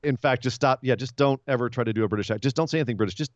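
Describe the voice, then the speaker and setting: Podcast co-host, male, mid-pitched, rambling recapper on a dull dry mic. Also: no echo. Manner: rambling, retells comedy segments with quick voiced asides. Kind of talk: casual wrestling recap chat.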